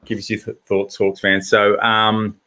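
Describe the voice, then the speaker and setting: The speaker is an Australian man whose lowish, monotone voice moves at a measured pace with a sharp tone. As a podcast host in casual footy chat, he's talkative, quotes stats often, and fills gaps with plenty of fillers.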